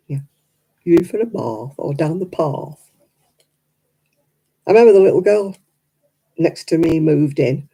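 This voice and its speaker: Middle-aged woman chatting at home, dark mellow voice, a bit husky, laughs a lot. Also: sits low, rough recording. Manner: chatty, laughs often, mimics other accents. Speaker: vlogger. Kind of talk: casual chat to camera. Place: quiet room at home.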